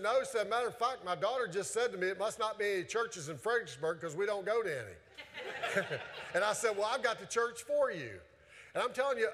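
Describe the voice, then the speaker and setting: A man's voice: high voice, a bit bright. A male pastor preaching a sermon in a church, talking in a conversational, folksy way with many repetitions. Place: church sanctuary. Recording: long hall reverb.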